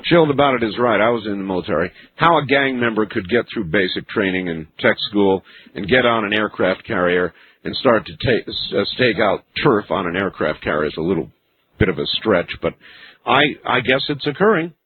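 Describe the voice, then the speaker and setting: A man hosting a late-night call-in radio show, musing slowly with many fillers. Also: on the low side, expressive. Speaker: radio talk show host. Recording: narrow phone-like radio broadcast with faint hiss.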